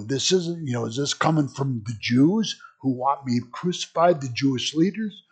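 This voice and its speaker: A man's voice: medium pitch, gravelly, slightly rough. A man teaching a Bible study in a rambling, conversational way, full of asides.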